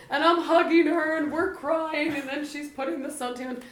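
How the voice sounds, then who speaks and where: A woman's voice: sits high, a little slow, few pauses. Woman, casual chat, laughs easily, roomy echo, faint background hum. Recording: echoey room with faint ambience.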